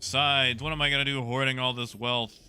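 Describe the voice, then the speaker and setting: A man's voice: mid-range voice, level tone, brisk, pushed and bright, smooth, soft background music. Chatty male game streamer. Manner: chatty, answers chat messages by name. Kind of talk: casual live-stream chat. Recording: noisy background.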